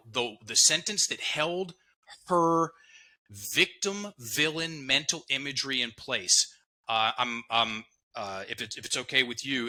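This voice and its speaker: A man's voice: medium pitch, sharp tone, rough recording. A man talking as a podcast guest, explaining an idea with emphasis and repeating key words. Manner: emphatic, repeats words, quotes others in voices. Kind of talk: conversational teaching.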